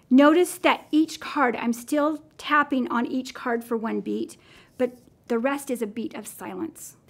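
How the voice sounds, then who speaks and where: A woman's voice: a little high, vocal fry. A woman music teacher demonstrating simple rhythm lessons for classroom teachers, counting in and singing along patiently.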